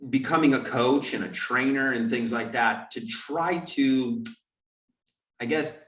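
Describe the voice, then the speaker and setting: A man hosting a podcast, telling a lively story and acting out the quoted lines. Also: mid-range voice, unhurried. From California. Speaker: podcast host. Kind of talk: storytelling in casual interview. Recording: roomy, distant mic.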